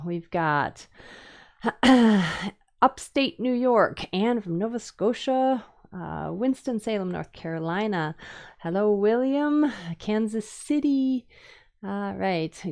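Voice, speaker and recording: A woman's voice: medium pitch, a little mellow. A middle-aged woman from the Upper Midwest with a Minnesota accent, chatting loosely on a live stream as a woodcarving teacher, rambling with fillers and restarts. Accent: Upper Midwest American. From Minnesota and Wisconsin. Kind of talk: casual live-stream chat while demonstrating carving.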